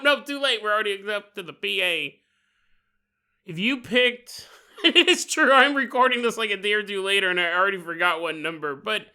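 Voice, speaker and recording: A man's voice: high voice, pushed and bright. A man hosting a podcast, telling a comedic horror story in a playful way, laughing often and acting out voices. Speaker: podcast host.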